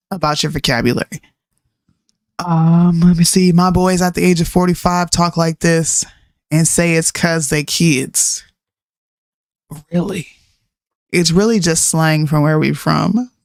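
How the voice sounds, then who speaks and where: A woman in her thirties, a podcast co-host, chatting casually and ranting in an animated way, mixing in slang and laughs. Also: lowish voice, dry recording, clean studio sound. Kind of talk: casual chat.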